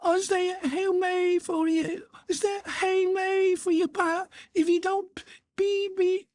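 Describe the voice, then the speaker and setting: A man's voice: fairly high pitch, unhurried, a little mellow, no echo, studio quality, pitched above the performer's own voice. Man doing a frightened little boy. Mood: terrified pleading. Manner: pleading, whimpering. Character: frightened small boy, a son. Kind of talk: audiobook character voice.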